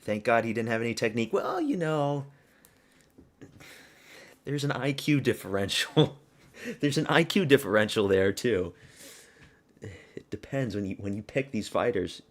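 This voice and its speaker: A man hosting a fight watch-party stream, giving excitable, profane live reactions and yelling at the screen. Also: fairly low pitch, normal speed.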